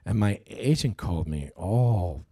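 A man's voice: sits low, lively intonation, a little slow, dark tone. A middle-aged man answering interview questions in a casual, hesitant way, acting out people he quotes. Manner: hesitant, restarts, acts out quoted voices animatedly. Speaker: actor interviewee.

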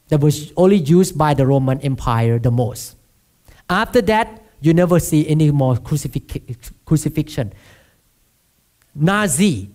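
A pastor with a Thai accent delivers a sermon in a notably high-pitched voice. He speaks with easy, self-deprecating humor and keeps asking the listeners to answer him. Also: darkish tone. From Thailand. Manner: asks the congregation for responses, self-deprecating humor.

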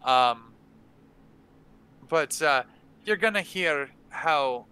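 Casting note: unhurried man as game-master teacher, crisp clear tone, halting delivery. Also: medium pitch, sharp tone, rough recording. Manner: halting, many fillers and restarts. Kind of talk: casual instructional talk. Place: online stream.

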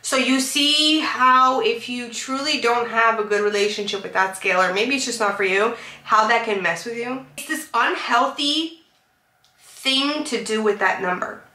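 A young woman vlogs in a candid, heartfelt way, her voice bright and a touch high. She rambles openly with many fillers, and the sound is echoey and roomy. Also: normal speed. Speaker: vlogger. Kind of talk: candid confessional vlog chat. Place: car.

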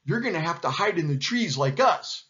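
A man voicing a troop of frightened monkeys in a squeaky, whimpering voice. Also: sing-song, moderate pace. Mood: fretful. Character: frightened chattering jungle monkeys. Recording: dull lo-fi recording.

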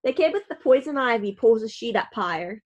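A woman narrating a storybook in the first person, her delivery wry and dry. Her voice sits fairly high. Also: lively intonation, a little fast. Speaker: audiobook narrator.

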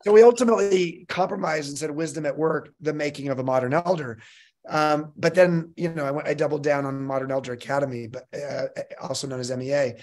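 An upbeat man hosts a live online fireside chat, laughing easily and keeping things moving with brisk announcements. His voice is a little high with a darkish tone.

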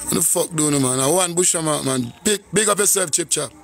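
A man's voice: a little high, fairly quick, gravelly, soft background music. A Jamaican man on a casual live stream, greeting viewers by name and humming and scatting between lines. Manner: shouts out viewers, hums and scats between lines.

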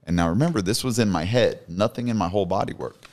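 A man's voice: low-pitched, expressive, a little fast, a little mellow. A man in his thirties, a podcast guest, telling his personal story in an earnest, emphatic way. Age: 30s. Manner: earnest, emphatic, repeats for stress.

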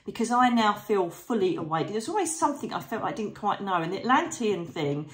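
A woman's voice: medium pitch, big pitch swings, fairly quick. A middle-aged woman talking to her followers in a casual vlog, effusive and emotional, with frequent fillers and asides. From Britain. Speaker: psychic medium vlogger.

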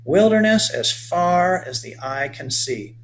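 A man's voice: high-pitched, animated, slow pace, fairly bright tone, slight background noise, voice pushed up, exaggerated voice. A man voicing a friendly boat captain who explains local history. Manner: explaining, storytelling.

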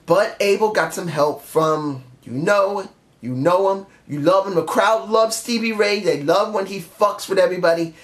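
A man's voice: high-pitched, normal speed, fairly bright tone. A man reviewing a wrestling show in a casual spoken style, blunt and exasperated, firing off repeated questions.

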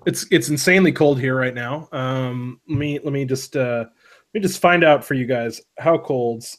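A Minnesota man co-hosts a casual live stream and reviews vapes, speaking at a medium pitch and normal speed. He's chatty and rambling, often restarting his sentences.

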